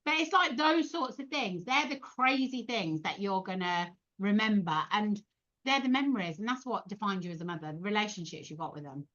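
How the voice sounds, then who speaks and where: A middle-aged woman tells stories as a podcast guest, animated and quick to laugh. She keeps slipping into the voices of the people she is quoting. The recording is dull and lo-fi. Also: mid-range voice. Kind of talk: casual storytelling chat.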